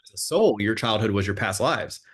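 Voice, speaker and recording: A man's voice: fairly low pitch, expressive, brisk, husky. A man working as a hypnotherapist, explaining his sessions in a casual interview, meandering, with many fillers and self-corrections.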